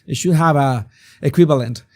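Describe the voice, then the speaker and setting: A hoarse man, hosting a live-stream commentary and talking animatedly with rhetorical questions. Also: a little high, normal speed, a little mellow. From Venezuela. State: hoarse, sore throat. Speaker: host.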